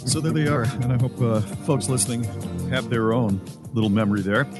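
A man's voice: mid-range voice, fairly quick, loud music behind the voice. A man co-hosting a radio show, chatty and upbeat. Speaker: co-host. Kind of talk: casual chat.

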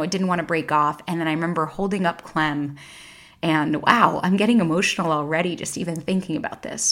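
On her solo podcast, a thirtysomething woman speaks in a low, fairly bright voice, candid and relaxed, swearing without restraint and becoming emotional.

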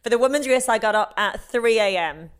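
A woman hosting a podcast, brisk and lightly teasing as she chats and reads out a news roundup. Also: on the high side, expressive, clear, resonant tone. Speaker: podcast host. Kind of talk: casual chat and news roundup.

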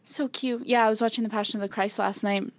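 A woman's voice: on the high side, fairly even intonation, quick pace, no room sound. A young woman co-hosting a casual faith podcast, bubbly and earnest, laughing often. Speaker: podcast co-host.

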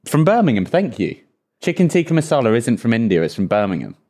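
A man's voice: medium pitch, very animated, quick pace, warm tone. A young man co-hosting a podcast, insistently explaining and arguing his points. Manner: argumentative, explains with emphatic certainty. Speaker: podcast co-host. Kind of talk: casual chat.

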